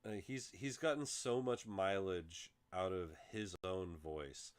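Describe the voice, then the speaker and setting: A man hosting a casual chat, telling stories in an animated way and swearing freely. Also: low-pitched, slow pace, clear, resonant tone. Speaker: podcast host.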